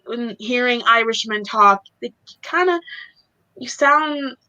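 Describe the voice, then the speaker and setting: High bright giggly woman, lo-fi. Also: slow. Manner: giggly, hesitant, trails off and restarts often. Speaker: co-host. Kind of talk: casual chat.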